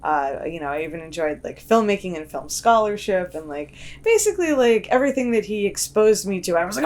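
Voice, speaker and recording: A woman's voice: medium pitch, expressive, fast talker, few pauses. A young woman talking casually in an interview, chatty and full of "like" fillers and restarts. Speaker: guest artist and cartoonist.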